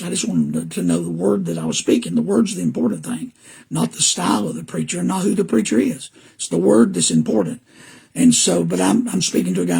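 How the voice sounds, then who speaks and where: Older Southern preacher with a weak, gravelly voice. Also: male voice, high voice, darkish tone. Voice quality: weak, damaged voice. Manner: rambling, earnest, greets viewers by name mid-talk. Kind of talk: casual podcast talk to live viewers.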